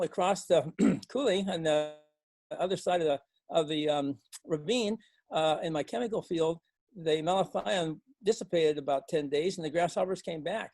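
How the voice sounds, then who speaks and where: An older man from Montana tells a farming story to a club in a folksy, rambling way. His voice sits a little high and perks up when he quotes people. The sound is dry and close. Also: dry recording. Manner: folksy, animated when quoting others, many fillers and restarts. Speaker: organic farmer and speaker.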